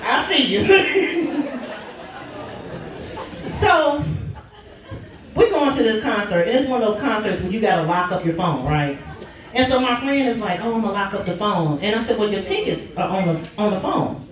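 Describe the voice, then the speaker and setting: A stand-up comedian from Oklahoma, telling animated stories about her kids. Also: moderate pace, long pauses, some chatter behind. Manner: animated, jumps high in pitch for punchlines. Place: comedy club stage. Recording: echoey club from a distance.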